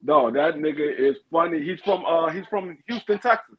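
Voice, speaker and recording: A man's voice: fairly high pitch, moderate pace, highs cut off, over a noisy crowd. A man on a casual livestream panel who tells stories in a rambling way, stumbling and repeating himself.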